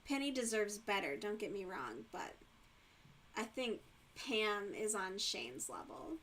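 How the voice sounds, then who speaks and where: A woman's voice: mid-range voice, big pitch swings, measured pace, fairly bright tone, slight background noise. A woman hosting a livestream and chatting casually while she crochets, laughing often and swearing freely. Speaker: livestream host.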